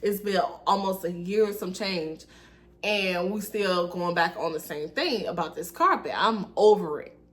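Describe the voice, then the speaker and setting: A young woman vlogger telling a storytime in a sassy, animated, colloquial way. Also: lowish voice, measured pace. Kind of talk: casual storytime.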